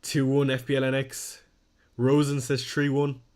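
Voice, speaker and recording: Young male streamer, casual self-deprecating chat, mid-pitched voice. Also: monotone, normal speed, darkish tone. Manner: chatty, self-deprecating, reads chat aloud. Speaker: fantasy football streamer. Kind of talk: casual live-stream chat reading viewer comments.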